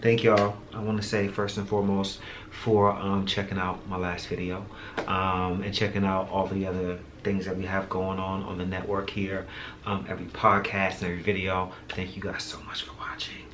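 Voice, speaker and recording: A man's voice: sits low, level tone, moderate pace. A man hosting his own show, talking casually and candidly to his viewers, a bit tired, laughing often and using slang. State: tired, low energy. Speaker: podcast host. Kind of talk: casual solo vlog talk. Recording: echoey room with audible background noise.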